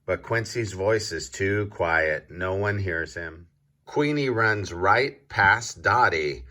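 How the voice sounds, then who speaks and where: A man reading a picture book aloud to young children, slow and deliberate, pausing to quiz his listeners. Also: low-pitched, sharp tone. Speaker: children's story reader. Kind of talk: read-aloud storybook for kids.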